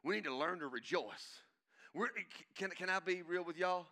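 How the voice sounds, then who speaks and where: A male pastor preaching a sermon, swinging from shouting to hushed intensity and calling out to the congregation. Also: high-pitched, normal speed. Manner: calls out to the congregation.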